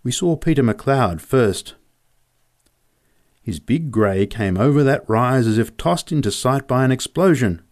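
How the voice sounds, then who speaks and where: A man's voice: mid-range voice, expressive, a little slow. A man narrating a story in a vivid, descriptive reading.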